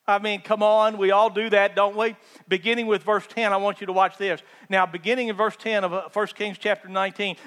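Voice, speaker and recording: Guy preaching, high voice, gets loud then hushed, big echoey hall. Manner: animated storytelling, acts out voices, swings from loud to hushed. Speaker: pastor. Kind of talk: sermon. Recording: hall reverb.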